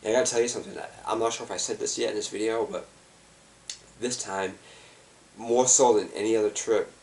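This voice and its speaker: A man's voice: lowish voice, steady tone, brisk, vocal fry, darkish tone, recorded from a distance. An exhausted man rambling in a loose, profane way, with lots of fillers. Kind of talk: rambling personal video monologue.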